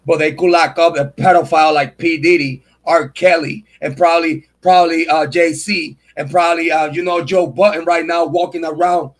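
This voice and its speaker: A man in his forties hosts a true crime channel and rants on a livestream. His voice sits high for a man. He sounds angry and emotional, swears freely and circles back to the same phrases. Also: steady tone, normal speed, few pauses. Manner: angry, profane, emotional, repeats himself. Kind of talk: livestream rant.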